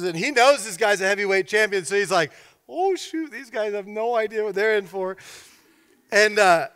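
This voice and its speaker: A man preaching a sermon as pastor, telling stories with lively, animated delivery and acting out the people in them. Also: sits high, clean tone, big-room sound. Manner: animated storytelling, acts out characters.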